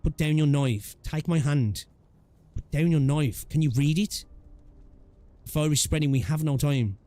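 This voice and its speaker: A man's voice: fairly high pitch, unhurried, warm tone, no room sound, soft background music, close to an everyday voice. A man voicing a determined young woman who rescues a frightened friend, read in a plain urgent voice. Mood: soothing.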